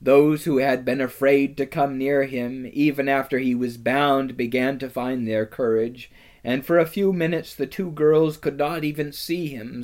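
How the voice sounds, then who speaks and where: A man reading a storybook aloud in a measured, dramatic way. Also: mid-range voice, darkish tone. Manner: slow, measured, dramatic delivery. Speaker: narrator.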